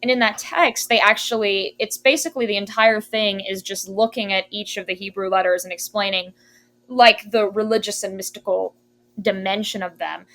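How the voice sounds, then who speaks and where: A woman of middling pitch hosts a casual podcast conversation. She asks long, wandering questions and fills them with casual words as she thinks. Her tone stays curious and informal. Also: steady tone, moderate pace, fairly bright tone. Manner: curious, rambling questions with frequent like. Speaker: podcast host.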